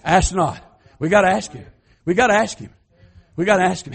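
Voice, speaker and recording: A man preaching a sermon, swinging between fervent shouted passages and soft folksy asides. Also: high voice, expressive, brisk, vocal fry, long pauses, slightly rough.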